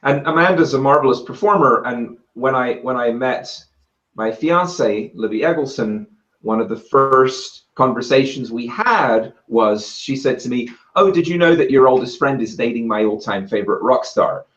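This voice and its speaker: A man with a British accent, a guest telling lively anecdotes and acting out other people's shouted lines. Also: mid-range voice, normal speed. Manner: lively, acts out quoted voices loudly. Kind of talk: anecdotal storytelling in a conversation. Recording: roomy and muffled.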